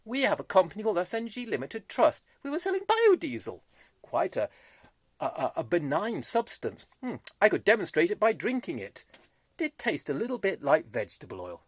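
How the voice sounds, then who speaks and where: Sardonic man with lively pitch. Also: no echo. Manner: sardonic, jumps between topics. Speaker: vlogger. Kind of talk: rambling monologue to camera.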